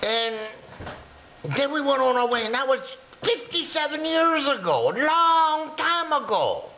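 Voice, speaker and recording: A man in his sixties telling a comic story in a drawn-out, rambling way, sometimes dropping to a whisper. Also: very high-pitched, very animated, slight background noise. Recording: dull lo-fi recording.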